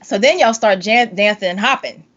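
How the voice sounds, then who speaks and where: Woman, casual podcast chat, animated storyteller, slightly muffled sound. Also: normal speed. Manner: animated storyteller, acts out quotes with big pitch jumps, laughs often. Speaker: podcast host, vocal coach.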